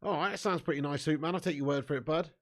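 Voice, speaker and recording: With a slightly high voice and a racing pace, a young fan channel host from southern England runs a live football watch-along. He's laughing often, swearing, bantering with chat and calling everyone mate.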